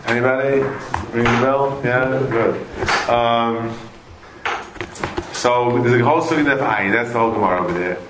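A man teaching a Talmud class to students, animated and repetitive, mixing Aramaic and Hebrew terms into his English. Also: mid-range voice, normal speed, pauses often. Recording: echoey room, faint noise.

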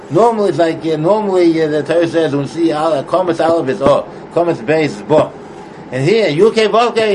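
A man giving an informal Torah study lesson, halting and repeating words as he mixes English with Hebrew and Aramaic terms. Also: on the high side, background noise. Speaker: Torah teacher.

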